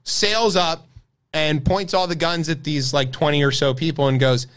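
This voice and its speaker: A man's voice: on the high side, steady tone, moderate pace, a bit bright. A man co-hosting a podcast, talking through the news in a wry, sarcastic, casual way. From United States. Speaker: podcast co-host. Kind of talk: casual political chat.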